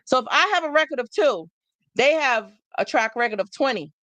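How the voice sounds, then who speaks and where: A woman's voice: sits high, animated, brisk, pushed and bright, no room sound, muffled recording. Emphatic woman lecturing her live audience. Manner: emphatic, preachy, repeats phrases for effect. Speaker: livestream host. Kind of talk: motivational live talk to viewers.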